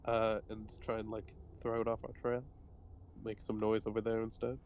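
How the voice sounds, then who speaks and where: A man's voice: fairly low pitch, monotone, moderate pace, darkish tone, slight background noise. A man playing a tabletop game, talking casually with frequent fillers and laughs. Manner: chatty, laughing, lots of fillers. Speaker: player.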